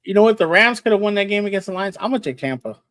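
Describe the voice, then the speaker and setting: A man's voice: sits high, expressive, racing, a bit bright, no echo. A man hosting a casual sports podcast, calling on his co-hosts for picks and teasing them. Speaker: podcast host.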